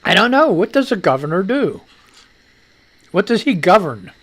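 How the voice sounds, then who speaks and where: A man's voice: high voice, very animated, moderate pace, fairly bright tone. A middle-aged man hosting a casual talk radio show, rambling, chuckling often and throwing in crude asides.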